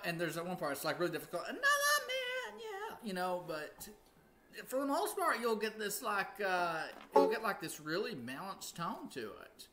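A man teaching casually on a livestream, rambling and often breaking into sung demonstrations. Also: high voice. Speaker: music teacher hosting a livestream.

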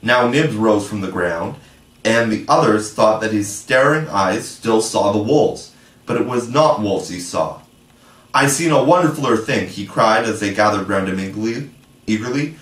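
A man's voice: lowish voice, distant mic. Man reading a storybook in an echoey room. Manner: measured, expressive reading. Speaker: audiobook reader. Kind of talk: storybook narration.

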